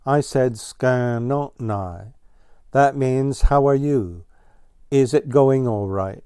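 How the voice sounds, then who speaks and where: A man's voice: medium pitch, takes it slowly, dark tone, smooth, dry recording, studio quality, close to an everyday voice. A man doing a fussy ground squirrel. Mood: friendly.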